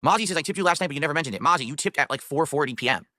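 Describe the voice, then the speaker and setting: A man hosting a live stream, reading tips and questions aloud with dry sarcasm. He talks very fast in a bright, forward voice. The sound is dry and close. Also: fairly high pitch, lively intonation, no room sound. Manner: fast, chatty, dryly sarcastic. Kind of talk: casual live-stream chat.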